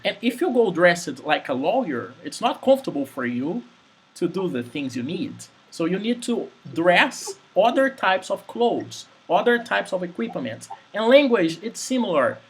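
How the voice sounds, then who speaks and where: Male English teacher, husky, patient, repeats examples. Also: high voice, very animated, a little slow, low-quality recording. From Brazil. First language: Portuguese. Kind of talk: conversational English lesson.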